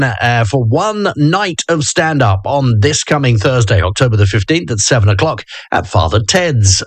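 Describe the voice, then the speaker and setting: A man's voice: medium pitch, no echo. A man hosting a drive-time radio show, reading out event announcements in a chatty, upbeat, self-mocking way from a studio. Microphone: close studio microphone.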